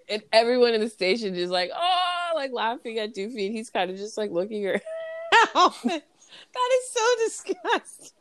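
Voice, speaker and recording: A woman's voice: a little high, big pitch swings, normal speed, no echo. A young woman co-hosting a podcast, laughing a lot and swearing as she retells movie scenes in casual chat. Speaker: podcast co-host.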